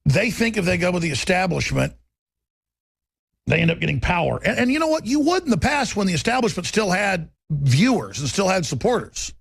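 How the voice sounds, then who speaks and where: A man's voice: high voice, sing-song, fairly quick, creaky, breathy edge, dry recording. A man hosting a talk radio show, delivering an intense, rambling, emphatic monologue.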